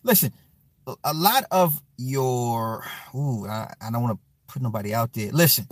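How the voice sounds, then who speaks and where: A man's voice: medium pitch, lively intonation, normal speed, dry recording. A man hosting a casual livestream, reading comments in a loose, profane way and often repeating apologies and fillers.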